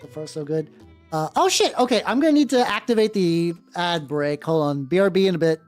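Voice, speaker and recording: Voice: medium pitch, expressive, a little fast, darkish tone. A streamer chatting casually on a livestream while painting miniatures, rambling with many restarts and some swearing. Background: faint background music.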